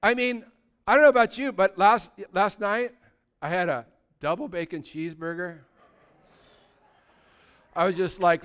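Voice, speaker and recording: A middle-aged man preaching a sermon as pastor, animated and humorous, rattling off quick lists between scripture readings. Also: sits high, clear, resonant tone. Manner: animated, humorous asides, rapid list-making.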